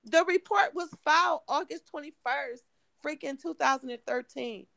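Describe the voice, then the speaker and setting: A middle-aged woman from Michigan, hoarse and emotional, telling her story in an interview with halting, restarting speech. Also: sits high, a bit bright, no room sound. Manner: halting, repeats words, restarts often. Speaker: guest, mother of missing woman.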